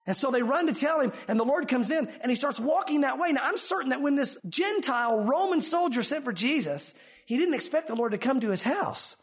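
A male pastor preaching a sermon in an animated way, swinging between emphatic and hushed delivery. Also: very high-pitched, brisk, husky.

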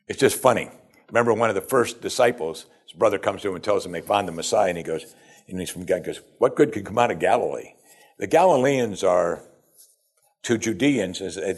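A man preaching a sermon in a conversational way, acting out the people he quotes. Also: lowish voice. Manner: conversational, acts out quoted speakers. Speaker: preacher teaching from scripture.

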